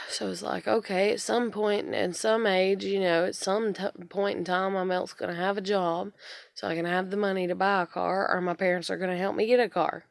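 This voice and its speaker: A woman's voice: mid-range voice, steady tone, normal speed, creaky, dry recording, studio quality. A woman in her thirties venting in a rambling, frustrated way and swearing often, in a casual monologue. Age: 30s. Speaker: vlogger.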